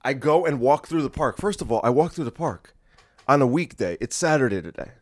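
A man's voice: mid-range voice, animated, a little fast. Rambling, combative male podcast host. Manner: rambling, combative, talking to the listener. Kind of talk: casual comedic rant. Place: home room in a creaky chair.

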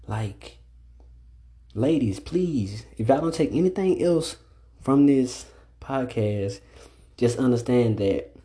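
A man's voice: mid-range voice, dark tone. Blunt, profane young man ranting. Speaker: podcast host. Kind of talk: solo casual podcast monologue.

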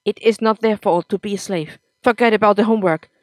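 A woman's voice: medium pitch, normal speed, no room sound, close to an everyday voice. A woman voicing a sensitive young boy who snaps back angrily when hurt. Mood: angry. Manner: sharp and angry when hurt.

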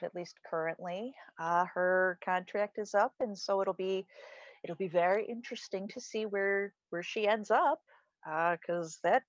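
A woman's voice: medium pitch, no echo. A woman co-hosting a casual podcast, talking as an enthusiastic fan and rambling with many fillers. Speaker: podcast co-host. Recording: dull lo-fi recording.

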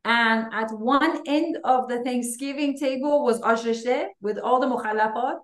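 A woman's voice: fairly high pitch, a little slow. A woman from Iran, an author appearing as a podcast guest, who tells stories and teases the hosts in casual chat. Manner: teasing, storytelling. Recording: roomy echo.

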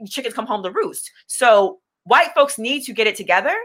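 As an interview guest, this young adult woman, a business owner, speaks with candid, blunt intensity at a normal speed. Her fairly high voice is animated and sharp in tone, and she often repeats words as she begins sentences.

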